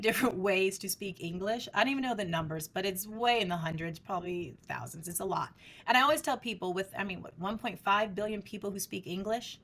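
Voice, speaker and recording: A woman's voice: medium pitch, a bit bright. A middle-aged woman researcher, a guest in an interview, explaining her field in an emphatic, teacherly way. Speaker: speech language researcher, guest.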